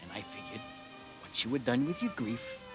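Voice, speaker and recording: A man's voice: mid-range voice, huge pitch swings, normal speed, over music. An actor playing a meek retired husband in his sixties who faked his own death, talking sheepishly, stammering and yelping. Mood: confessing. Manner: sheepish and stammering, breaking into yelps. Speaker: runaway husband. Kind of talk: TV sketch comedy acting.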